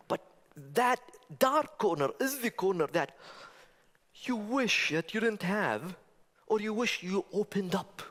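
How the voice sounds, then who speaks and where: In a large hall with long reverb, a man with a fairly high pitch gives a stage talk laced with stand-up humor. He speaks conversationally, poses rhetorical questions to the audience, and throws in animated asides.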